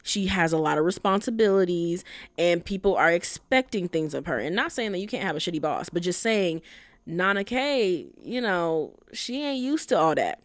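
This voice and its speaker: A woman's voice: on the low side, expressive, moderate pace, dry recording. A young adult woman hosting a podcast, chatting casually and bluntly, full of "like" and "you know" and the odd curse. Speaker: podcast host. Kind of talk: casual chat recapping a story.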